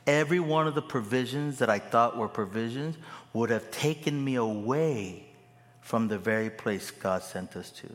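A man's voice: mid-range voice, moderate pace, long reverb tail. A man preaching a sermon, telling stories with humor and building to emphatic exhortation. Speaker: pastor.

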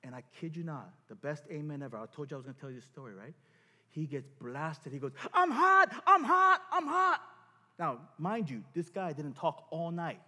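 High pitched pastor guy preaching, super animated, acts out his stories, long echo in a big hall. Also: brisk. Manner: animated, self-mocking, acts out scenes. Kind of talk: sermon with storytelling.

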